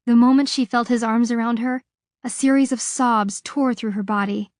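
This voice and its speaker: A woman narrating an audiobook in a measured, expressive reading. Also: fairly high pitch, no echo, clean studio sound.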